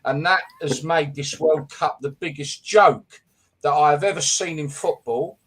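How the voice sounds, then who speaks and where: Man, fed-up sweary rant, football show host, slightly high voice. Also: unhurried, a bit bright, slightly rough. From England. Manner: exasperated, sweary, rambling rant.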